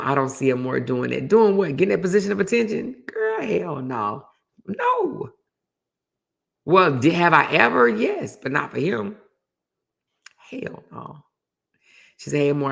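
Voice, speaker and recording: Gravelly-voiced woman host telling a story. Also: low voice. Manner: animated storytelling, reading viewer comments. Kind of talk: casual chat.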